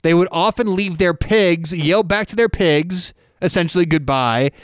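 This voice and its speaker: A man co-hosting a sports betting show, breaking down college football picks in an energetic, excitable way. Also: sits high, moderate pace, dry recording, studio quality. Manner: energetic, excitable, with sudden loud cheers. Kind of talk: casual sports betting chat.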